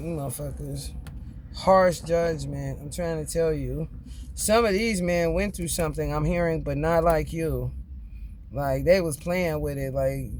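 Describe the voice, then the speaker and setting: A man's voice: on the high side, a little mellow, slight background noise. A man giving a casual tarot reading, profane, chatty and laughing often. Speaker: tarot reader.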